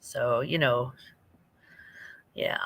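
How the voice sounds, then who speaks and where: A woman's voice: very deep voice, steady tone, very slow, gravelly. An older woman from St. Louis, chatting casually on a late-night livestream, rambling and laughing as she reads out viewer comments. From St. Louis, Missouri. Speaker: livestream host.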